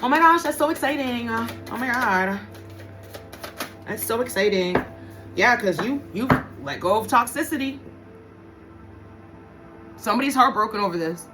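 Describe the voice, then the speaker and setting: A woman's voice: medium pitch, a bit bright. A woman giving a casual tarot reading to her viewers, blunt and profane, often repeating her points for emphasis. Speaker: tarot reader.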